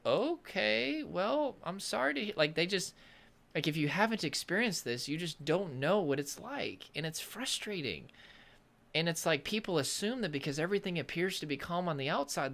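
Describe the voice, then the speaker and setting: A man's voice: on the high side, very animated, brisk, fairly bright tone. A man from the American South talking casually to camera as a coach, rambling and searching for words, with self-deprecating humor. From Southern United States. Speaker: nervous system coach.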